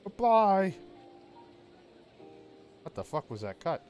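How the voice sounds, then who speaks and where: A man's voice: medium pitch, a little slow, music in the background. Wry male gameplay streamer. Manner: offhand, wry, swears casually. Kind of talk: casual gameplay commentary.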